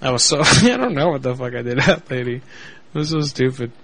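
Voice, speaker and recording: A man's voice: mid-range voice, lively intonation, a little fast, a bit bright, no echo. A male radio host chatting casually, laughing and swearing between calls. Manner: laughing, loose and profane.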